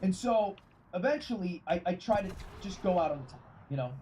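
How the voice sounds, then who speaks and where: A man's voice: high voice, expressive, brisk, dark tone. A man streaming a game, telling a rambling, profane story in casual chat. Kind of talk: casual storytelling while gaming. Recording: game gunfire noise under voice. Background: game gunfire and ambience.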